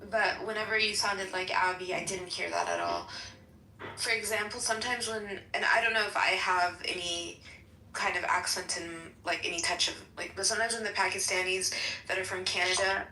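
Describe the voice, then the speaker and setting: Rambling bright-voiced woman, echoey call. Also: medium pitch, steady tone, fairly quick, slight background noise. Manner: rambling, many fillers like "like" and "um". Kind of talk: casual group chat. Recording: roomy, distant mic.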